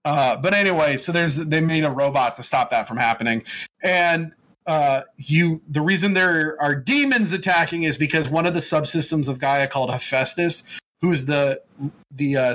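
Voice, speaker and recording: Man, slightly high voice, bright and forceful, rambling profane game recap, casual chat.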